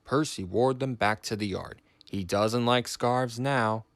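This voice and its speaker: A man's voice: medium pitch, dry recording. Man reading a children's story. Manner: measured, expressive reading. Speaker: narrator. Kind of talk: storybook narration.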